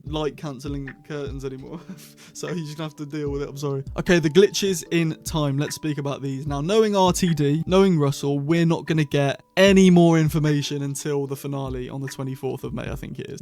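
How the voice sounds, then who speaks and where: A man's voice: on the high side, a little mellow. A man hosting a casual review vlog, talking in a chatty, rambling way and often correcting himself. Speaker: channel host reviewing episodes.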